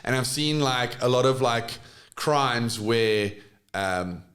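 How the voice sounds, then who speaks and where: A man's voice: mid-range voice, takes it slowly, fairly bright tone. A young man, a podcast guest in casual chat, laid-back and swearing freely.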